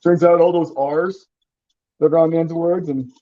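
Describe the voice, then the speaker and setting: A man's voice: on the high side, fairly even intonation, moderate pace. A man from the Boston area in casual chat, blunt and profane, often restarting his sentences. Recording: dull lo-fi sound.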